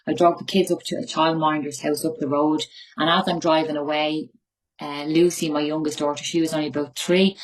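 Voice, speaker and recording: A woman's voice: deep voice, low-quality recording. A woman in her forties with a Tipperary Irish accent, giving a raw, emotional recovery share from her bedroom at home, swearing freely. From Ireland. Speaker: recovery meeting speaker.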